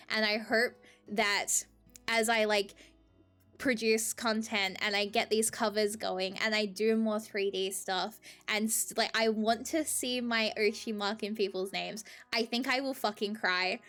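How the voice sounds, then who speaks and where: A woman with an Australian accent chatting casually on a livestream, giggly and excitable, swearing freely. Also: medium pitch. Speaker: streamer.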